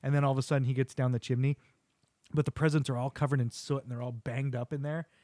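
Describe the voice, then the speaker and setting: A man's voice: medium pitch, little pitch movement, mellow, dry recording. Dad chatting with his son. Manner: retelling scenes with quick quoted voices. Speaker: podcast host. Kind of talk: casual chat with his son.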